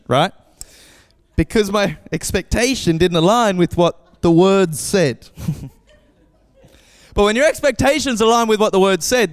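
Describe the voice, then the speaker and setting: A man preaching a casual, animated sermon as pastor, acting out voices when he tells a story. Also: high-pitched, clean tone, long reverb tail. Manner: animated, acts out voices in anecdotes. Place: church.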